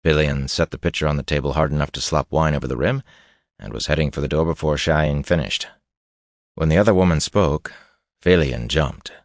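Male audiobook narrator, extremely low voice, measured and steady, dry booth sound. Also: no echo. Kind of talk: scripted fantasy narration.

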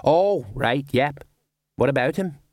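A man's voice: medium pitch, animated, takes it slowly, a little mellow, no room sound, studio quality. Sergeant Colon, a man doing a plodding old guard. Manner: plodding, vague, folksy. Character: Sergeant Colon, stout slow-witted older male guard.

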